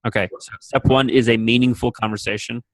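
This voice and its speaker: A male interview host with a steady, monotone delivery, recapping points for his listeners. His voice sits close and dry, with no room echo. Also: medium pitch, brisk. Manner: brief affirmations, flat steady delivery. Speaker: podcast host. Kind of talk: interview hosting.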